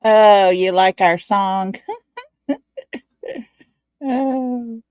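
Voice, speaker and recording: A tired, low-energy woman from Texas with a Texan accent hosts a casual livestream, chatting folksily and greeting viewers by name. Her mid-range voice is darkish, clear and resonant, and she speaks extremely slowly; the audio has no echo but sounds dull.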